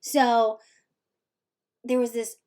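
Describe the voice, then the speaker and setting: A woman vlogger telling a personal story in a casual, animated and playful way, acting out the voices in it. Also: fairly high pitch, extremely slow. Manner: animated, playful, acts out quotes.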